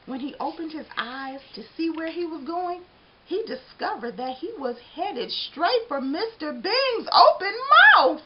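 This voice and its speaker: A woman reads a picture book aloud with a high, lively voice that rises and falls all over. The recording is dull and lo-fi. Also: measured pace, slight background noise. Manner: expressive, animated reading. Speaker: storybook reader.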